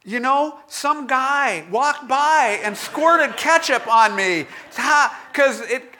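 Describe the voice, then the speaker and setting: A man giving a conversational devotional talk in a candid, self-deprecating storytelling manner, with halting restarts. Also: very high-pitched, bright, forceful tone, a little hiss or hum. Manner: halting restarts and filler words.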